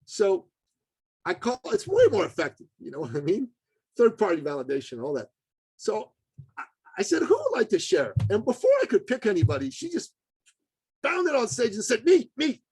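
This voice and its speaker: Animated man telling a story, dry sound. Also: moderate pace, long pauses, husky, no echo, poor audio. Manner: animated, voice jumps high for emphasis; earnest, addresses host as brother. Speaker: podcast guest, business consultant. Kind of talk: storytelling in a podcast interview.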